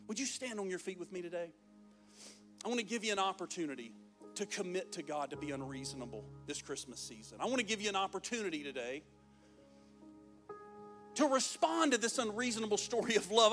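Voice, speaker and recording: High-voiced guy preaching hard at church, keeps going "man," "listen," really fired up. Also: fairly bright tone. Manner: fervent, emphatic preaching; peppers talk with "man" and "listen". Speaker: pastor. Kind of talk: sermon. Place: church service before a congregation.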